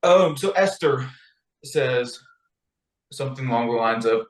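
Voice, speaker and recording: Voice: mid-range voice, expressive, measured pace, long pauses, roomy sound, poor audio. A podcast co-host retelling a text in a playful, chatty way and laughing often. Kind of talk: casual chat, retelling a text.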